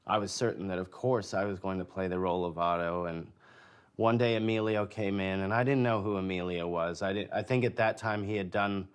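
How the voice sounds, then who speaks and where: A man being interviewed, a filmmaker recalling the casting of a film, talking in a measured, hesitant way. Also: low-pitched, fairly even intonation, clean tone. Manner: measured and hesitant, with many uh and you know. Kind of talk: interview reminiscence.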